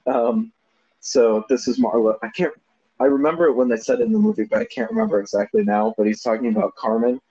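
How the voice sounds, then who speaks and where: A man chatting about a movie on a podcast, his voice rising and falling a lot as he laughs through his favorite lines. The tone is dark and a little husky, and the recording sounds dull and lo-fi. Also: medium pitch, fast. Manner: laughs often, animated, quotes lines from the film. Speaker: podcast co-host. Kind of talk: casual movie discussion.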